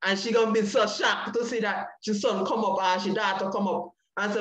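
A man's voice: high voice, fairly even intonation, a little fast, hardly any pauses, fairly bright tone, reverberant, lo-fi sound. A man giving an impassioned testimony in a repetitive preaching cadence. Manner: preaching cadence with repeated phrases. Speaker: panel speaker sharing testimony.

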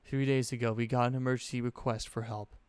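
A man voicing a scheming silver-haired male headmaster who speaks in a calm, measured, quietly menacing way. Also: medium pitch, smooth, dry recording, lightly acted.

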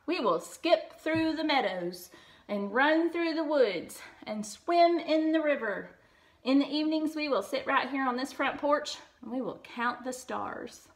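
An upbeat male frog from a storybook, calling out with raised, eager energy, as a woman teacher puts him on. The voice sits high and bright. It moves slowly and clearly, as if for young listeners. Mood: cheerful. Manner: excited, calling out loudly.

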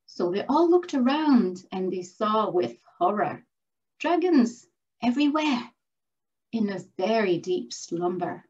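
Slow, gentle woman from Quebec telling a story. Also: a little high, lively intonation, slightly rough. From Quebec, Canada. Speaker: storyteller and scientist. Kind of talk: rhyming storybook narration at a live event. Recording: dull lo-fi recording.

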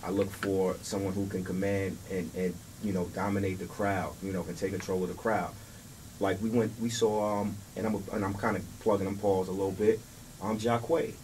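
A man's voice: deep voice, level tone, moderate pace, a little mellow, far from the mic, slight background noise, low-quality recording. A man talking as a guest in a casual interview, laid-back, restarting and repeating words, with street slang. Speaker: record label guest.

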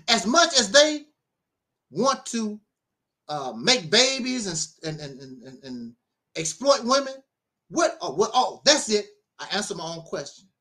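High, lively man ranting with laughs. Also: takes it slowly, pauses often. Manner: emphatic, laughing, repeats himself. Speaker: self-styled minister. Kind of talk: livestream monologue.

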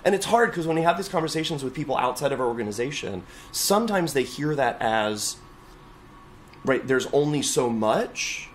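A young adult man, a choral conductor, telling stories in an oral history interview, lively and expressive as he quotes others. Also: mid-range voice, moderate pace, a little hiss or hum.

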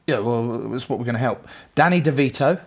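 A blunt man in his thirties trades cheeky, sweary banter as a podcast guest. His voice sits at an ordinary middle pitch. He talks in a loose, jokey way and keeps pushing his point. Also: a little fast, slightly rough. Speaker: rugby player guest.

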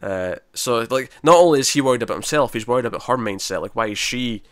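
A male co-host on a podcast talks fast in a mid-range, fairly bright voice while casually reviewing a drama episode, rambling through the recap and performing quotes. The audio is studio quality with no echo.

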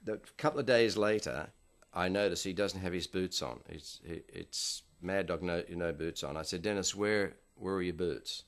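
A man's voice: low voice, normal speed, hardly any pauses. A film director in an interview, dryly recounting set anecdotes and slipping into the voices of people he quotes. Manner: dry storyteller acting out quoted voices.

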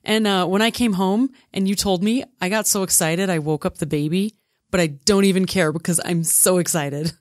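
A woman's voice: on the low side, moderate pace, no room sound, clean studio sound. A woman co-hosting a podcast, chatty and enthusiastic, recovering from a lost voice. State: recovering from losing her voice. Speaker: podcast co-host. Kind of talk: casual podcast chat.

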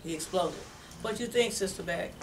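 A woman's voice: lowish voice, normal speed. A woman teaching a Sunday school class, leading the talk and pressing students with follow-up questions. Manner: probing, asks follow-up questions. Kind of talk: leading a church class discussion. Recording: distant mic with clear background noise.

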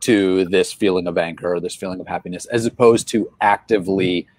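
A man's voice: deep voice, fairly even intonation, a little fast, a little mellow, no echo. A man hosting an interview, talking in a thoughtful, casual way and often saying "man" and "like". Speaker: podcast host. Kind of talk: conversational interview.

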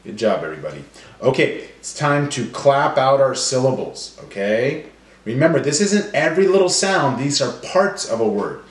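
A man leading a children's phonics lesson, slowly stretching out sounds and syllables. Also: mid-range voice, sing-song, reverberant. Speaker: teacher. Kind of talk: phonemic awareness lesson for children.

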